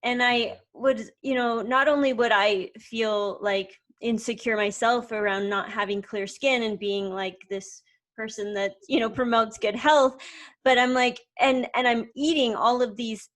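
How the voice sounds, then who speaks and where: A woman's voice: a little high, fairly even intonation, a little slow, a bit bright. A woman co-hosting a casual chat, speaking earnestly about her own experience. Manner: earnest, relating.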